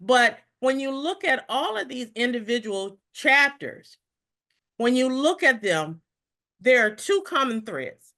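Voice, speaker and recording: Speaking in a bright, fairly high voice, the national president of a federal employee organization, a middle-aged woman, leads a rapid live online briefing. Excitement drives her pace, so words get repeated as she hurries along.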